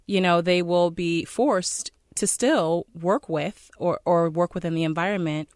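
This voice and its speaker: A podcast co-host in a casual chat, earnest and measured. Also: medium pitch, no echo, studio quality.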